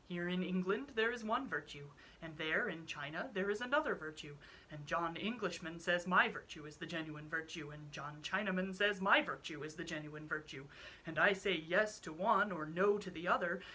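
A woman voices a suave, cynical old count who lectures the room with slow rhetorical questions. He sounds bright and carrying. His voice sits low. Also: slight background noise, low-quality recording. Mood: amused.

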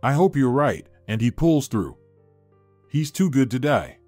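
Man reading a quiet, tense young woman, vengeful streak. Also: mid-range voice, very animated, unhurried, dry recording, faint music behind.

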